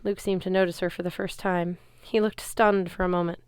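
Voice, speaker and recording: A woman's voice: on the low side, little pitch movement, brisk, few pauses, a little mellow, smooth, no room sound. A woman reading a novel aloud, telling the story expressively in first person. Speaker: reader.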